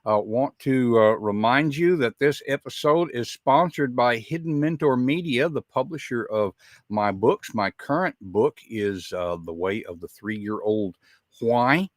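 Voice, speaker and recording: A man's voice: mid-range voice, expressive, a little slow, dry recording, clean studio sound. Folksy Southern American man hosting a show. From Southern United States. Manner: chatty, folksy, with frequent uh fillers. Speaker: podcast host. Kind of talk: live show introduction.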